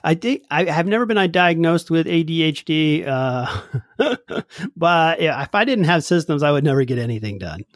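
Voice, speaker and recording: Animated man on a dry podcast mic. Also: on the high side, normal speed, no echo. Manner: animated, acts out quoted lines, laughs easily. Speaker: podcast co-host. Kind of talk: casual chat.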